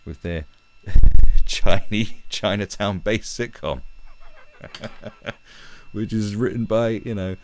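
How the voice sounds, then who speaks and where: A man's voice: lowish voice, slow, pauses often, slight background noise. A young British man on a live stream, ranting heatedly and swearing as he talks from his own room. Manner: profane, animated, heated.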